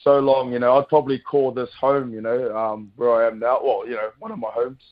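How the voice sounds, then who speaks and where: A man in his thirties, a guest rugby player with a New Zealand accent, chats on the radio a little fast in a level, medium-pitched tone. The recording is muffled, and his relaxed, talkative delivery is loaded with fillers.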